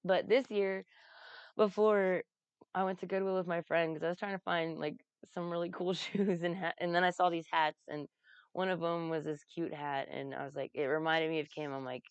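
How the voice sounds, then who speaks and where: Low-voiced woman telling rambling stories. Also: fairly even intonation, normal speed, clean tone, no room sound, dull audio. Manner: rambling, laughs often, swears freely. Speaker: vlogger recounting a comedy festival. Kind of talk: casual storytelling.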